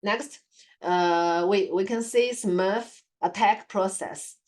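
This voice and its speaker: A woman whose first language is Chinese presents a computer security lab report at a slow, deliberate pace. Her speech halts often, with many fillers and repeated words as she searches for terms. Her pitch sits in a middle range. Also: a little mellow. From China. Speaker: student presenter.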